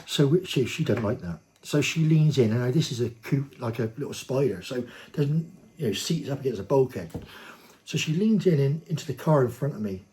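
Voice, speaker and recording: A man tells a story in a blunt, cheeky, casual manner. His voice is dark and mellow. It lifts and grows animated whenever he quotes himself. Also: medium pitch, moderate pace, a little hiss or hum. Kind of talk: casual anecdote to camera.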